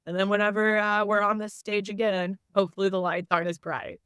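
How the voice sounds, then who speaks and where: A woman's voice: mid-range voice, flat delivery, a little fast, a bit bright, clear, resonant tone, no room sound. A young woman, a teacher and coach, chatting candidly as a podcast guest and telling stories with lots of "like.". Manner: candid, storytelling, frequent "like". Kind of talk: casual podcast chat.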